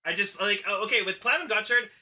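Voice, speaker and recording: A man co-hosting a casual podcast, excitable, laughing often and swearing freely. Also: high voice, fast talker. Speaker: podcast co-host.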